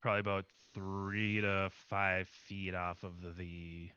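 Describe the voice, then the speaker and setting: A man running a tabletop role-playing game as game master, describing scenes haltingly with many fillers. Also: sits low, flat delivery, bright, forceful tone, clear, resonant tone, no room sound. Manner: slow, hesitant, many fillers. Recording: dull dry online mic.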